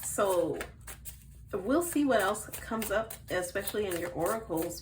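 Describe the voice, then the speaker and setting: Woman doing a tarot reading for her channel, chatty, goes soft then loud, faint hiss behind. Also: medium pitch, animated, a little slow, poor audio. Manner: chatty, bursts into giggles, shifts from soft murmurs to loud outbursts. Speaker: tarot reader. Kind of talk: casual tarot reading chat.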